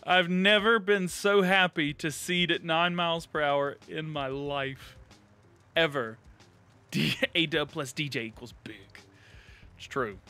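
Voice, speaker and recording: A man's voice: fairly high pitch, measured pace, pushed and bright, clear, resonant tone. A man hosting a live gameplay stream, giggling constantly and reading chat messages aloud in a giddy, casual way. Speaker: livestream gaming host.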